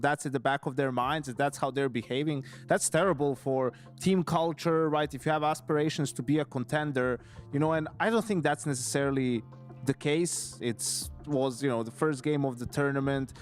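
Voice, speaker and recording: A man talks through his esports analysis in a mid-pitched voice, thinking aloud and padding his points with hedges. Faint music sits in the background. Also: fairly quick. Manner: thinking aloud, hedging with fillers. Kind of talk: esports analysis desk chat.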